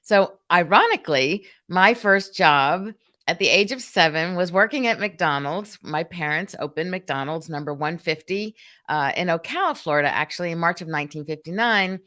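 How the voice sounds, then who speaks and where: Older woman hosting a lively live talk. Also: fairly low pitch, moderate pace. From Columbus, Georgia. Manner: demonstrative, acts out phone greetings, reads viewer comments. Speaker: host of a live customer experience show. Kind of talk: live-stream talk to viewers.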